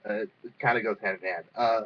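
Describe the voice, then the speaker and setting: A man's voice: lowish voice, fairly even intonation, fast talker. A young man casually reviewing a cartoon episode, rambling with lots of fillers and the odd swear word. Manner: rambling, filler-heavy, profane. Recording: dull lo-fi sound.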